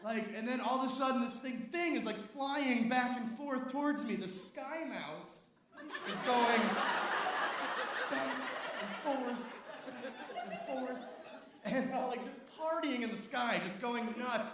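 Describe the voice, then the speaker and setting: A man's voice: very high-pitched, a little slow, crowd noise. A man doing a rambling, self-mocking stand-up set with crude jokes, on stage in a comedy club. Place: comedy club stage before a live audience. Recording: roomy, distant live club recording.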